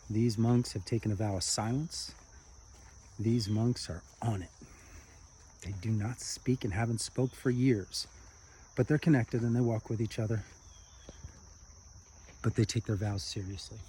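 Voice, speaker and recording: A man preaching, telling a parable in an animated, conversational way. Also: fairly low pitch, slight background noise. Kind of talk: storytelling sermon.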